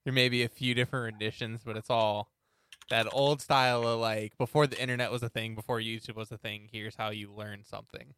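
A man's voice: medium pitch, level tone, brisk, a bit bright, smooth, no room sound, clean studio sound. A man in casual conversation, chiming in briefly and agreeably. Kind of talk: casual chat.

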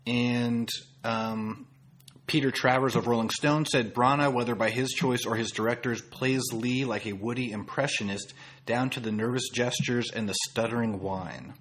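Husky-voiced man discussing films. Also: medium pitch, fairly even intonation, normal speed, a bit bright. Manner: thoughtful, quotes critics' reviews, frequent restarts. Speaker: podcast co-host. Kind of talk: casual film discussion.

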